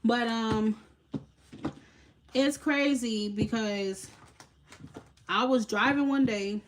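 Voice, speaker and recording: A young woman of Haitian background hosting a tarot live stream, telling a story in a casual, animated way with lots of swearing and laughter. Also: fairly high pitch, drawn-out words, background noise.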